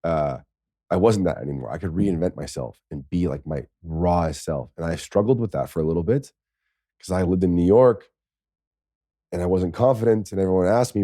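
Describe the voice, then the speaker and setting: Low mellow guy in his 30s, ex football player rambling through his story on a podcast, lots of "like", dry sound. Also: fairly quick, no echo. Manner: rambling, animated, heavy "like" fillers. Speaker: interview guest, former NFL tight end. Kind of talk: candid storytelling.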